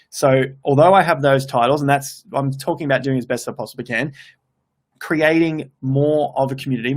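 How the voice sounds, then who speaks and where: This is a casual crypto livestream: an Australian host around thirty sits at a laptop in a room at home, reacting to comments with upbeat chatter. His voice is medium-pitched, and he thinks out loud, often fixing his phrasing partway through.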